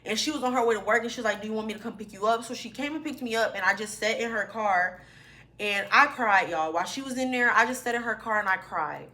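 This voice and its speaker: In this storytime vlog, a young woman speaks quickly in a slightly high, bright voice with a forceful tone. She chats informally with her viewers, whom she calls "y'all," as she shares a personal story.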